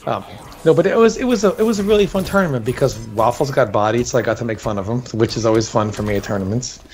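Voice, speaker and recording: A man with a mid-range voice talks fast over soft background music, co-hosting a casual chat. He tells tournament stories with animation, laughing and acting out quotes.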